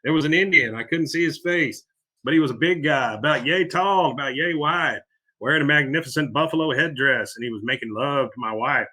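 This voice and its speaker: A man voicing a gullible, eager middle-aged cartoon character who rambles excitedly through a wild story. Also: a little high, a little fast, rough recording.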